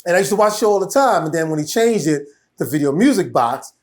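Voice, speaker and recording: A man, a guest telling a story in casual talk, animated and laughing, with many restarts. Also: on the high side, fast.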